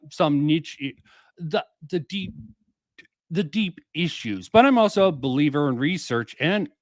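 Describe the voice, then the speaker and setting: A man's voice: on the high side, no room sound. A man streaming casual commentary, rambling and swearing, with many fillers and restarts.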